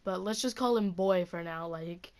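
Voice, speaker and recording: A teenage girl, a student, rants in a casual, profane vlog about something that happened at school, saying "like" constantly. Her voice is lowish and a little mellow, at normal speed.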